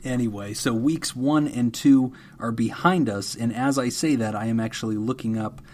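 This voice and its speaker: A man co-hosting a casual podcast, joking with deadpan mock apologies and laughing often. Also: mid-range voice, normal speed. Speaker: podcast co-host. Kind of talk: casual chat.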